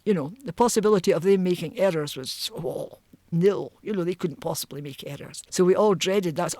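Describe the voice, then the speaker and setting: An older Scottish woman reminiscing about her working life, amused and lively, often breaking into voices. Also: fairly low pitch, fairly quick, dry recording. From Scotland. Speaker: oral history interviewee. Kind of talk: storytelling reminiscence.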